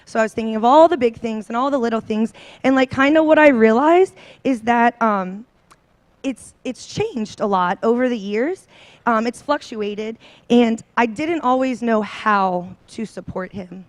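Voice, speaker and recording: A woman's voice: fairly high pitch, expressive, a little slow, no echo. A woman in her thirties speaking to a seminar audience on a handheld mic, bubbly and a little nervous, full of ums and likes. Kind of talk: personal talk to an audience. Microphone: handheld microphone.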